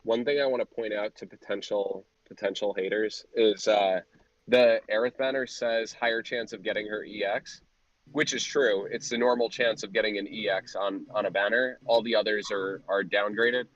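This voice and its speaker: A man in a casual gaming chat, calmly explaining details in an even-tempered way. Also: lowish voice, normal speed, no echo, dull audio.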